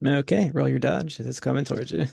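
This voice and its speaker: A man runs a tabletop horror game as its game master, his voice heavily gravelly and mellow. He narrates in a relaxed way, chuckling between descriptions. The sound is dry and close. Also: medium pitch, a little fast, dry recording.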